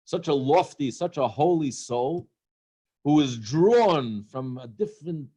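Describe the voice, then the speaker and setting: A man preaching a sermon in a voice that sits a little high for a man. He tells humorous stories and briefly slips into the voices of their characters, with a lively storytelling delivery. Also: unhurried, slightly rough. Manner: storytelling, animated, acts out characters in jokes. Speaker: rabbi.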